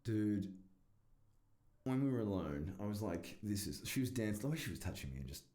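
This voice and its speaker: A man's voice: on the low side, sing-song, a little fast, warm tone. A man, rambling and swearing through a casual solo podcast. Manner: rambling, profane, self-deprecating. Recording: echoey room.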